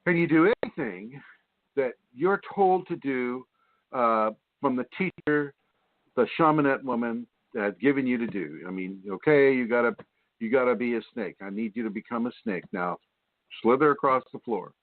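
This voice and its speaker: A man's voice: mid-range voice, lively intonation, normal speed, dry recording. A man hosting a spiritual radio show, talking in a rambling, repetitive, preachy way with many fillers. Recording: tinny phone line, dry.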